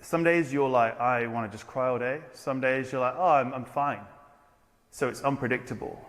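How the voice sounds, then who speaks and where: A man's voice: medium pitch, steady tone, normal speed, in a large hall. A man in a casual podcast conversation, earnest and rambling, often restarting his sentences.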